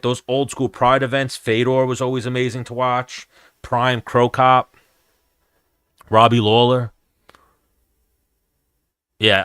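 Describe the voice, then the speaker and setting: A man's voice: medium pitch, sharp tone, clear, resonant tone, dry recording, studio quality. Blunt, profane New man. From New York, USA. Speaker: MMA show host answering chat. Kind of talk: casual live-stream chat.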